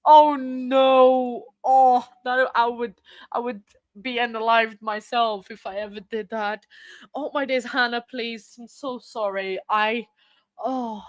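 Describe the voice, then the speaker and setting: Woman live-stream host, high voice, unhurried delivery, flustered and apologetic, reads out viewer chat. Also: fairly even intonation, dry recording. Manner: flustered and apologetic, many fillers.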